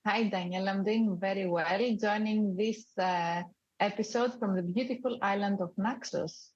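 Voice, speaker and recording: A woman's voice: medium pitch, steady tone, normal speed, darkish tone, lo-fi sound. A woman co-hosting a podcast, chatting cheerfully. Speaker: podcast co-host. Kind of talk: casual chat.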